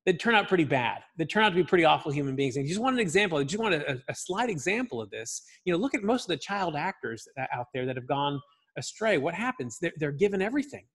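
A man leads a church Bible class with an animated, emphatic delivery. His voice sits a bit high and has a husky edge. He often turns to the room with a quick "right?". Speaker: Bible study teacher. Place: church classroom, also streamed online.

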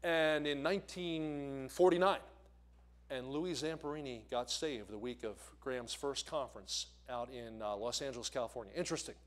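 A man's voice: mid-range voice, moderate pace. A man from the American Northeast preaching a sermon as a visiting evangelist, telling stories and putting questions to the congregation. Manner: storytelling, asks the congregation questions. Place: church sanctuary.

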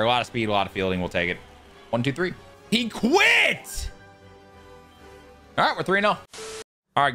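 Man, gameplay commentary, swings all over in pitch, crisp bright tone, excitable, swears. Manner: excitable, swears, yells at big plays. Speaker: gaming YouTuber.

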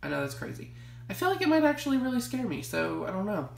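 A young woman talks fast with vocal fry and big pitch swings in a medium-pitched voice, and the recording sounds roomy. She's a vlogger casually showing her collection to camera from her home library, gushing, rambling, and filling gaps with lots of fillers.

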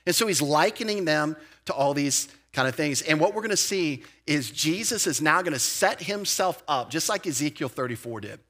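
A man preaching a sermon as pastor, in a lively, conversational way with casual asides. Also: a little high, normal speed, few pauses. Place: church sanctuary.

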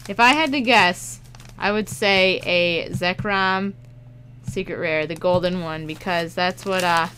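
Excitable bright-voiced woman opening mail. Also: fairly low pitch, unhurried, clear, resonant tone. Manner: excitable, laughing, bursts of shouting. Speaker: YouTuber opening fan mail. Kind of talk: casual unboxing chat.

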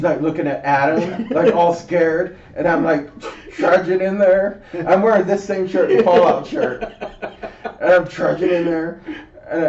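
A man co-hosting a podcast, telling an animated, profane story and acting out what people said. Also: on the high side, slight background noise. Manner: animated, profane, acts out quotes. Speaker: podcast co-host. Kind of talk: casual storytelling chat. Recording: roomy, distant, dull lo-fi mic.

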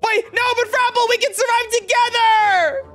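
A woman voicing a cheerful, excitable slime block hero in a Minecraft role-play, talking straight to viewers. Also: very high voice, normal speed.

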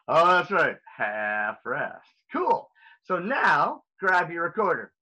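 Upbeat male music teacher, lively and bright. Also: fairly high pitch, takes it slowly, low-quality recording. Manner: upbeat, playful, talks straight to young children. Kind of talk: recorded online music lesson.

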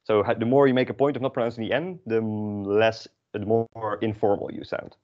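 A man runs a relaxed beginner language class, explaining at an easy pace with plenty of ums and asides. His voice sits a bit low. The recording sounds dull and lo-fi. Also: fairly quick. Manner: relaxed, chatty, explains with many fillers. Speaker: Dutch language teacher. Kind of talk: casual classroom lesson.

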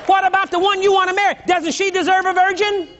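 An older male pastor preaches in a very high, lively voice, teasing his listeners, then dropping to a low mutter. The recording sounds dull and lo-fi, with a faint congregation murmuring behind him. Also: quick pace, some chatter behind, a little hiss or hum. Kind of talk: sermon. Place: church.

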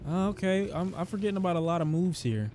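A young man giving excitable, trash-talking commentary while playing a video game. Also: high voice, fast, soft background music. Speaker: gaming streamer. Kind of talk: let's-play commentary. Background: game soundtrack.

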